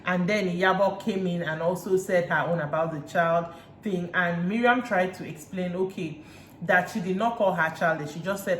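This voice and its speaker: A Nigerian woman recapping reality TV in a chatty way, retelling scenes with lively asides. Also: on the low side, moderate pace. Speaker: reality TV reviewer. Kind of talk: casual recap chat. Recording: roomy room echo, faint hiss.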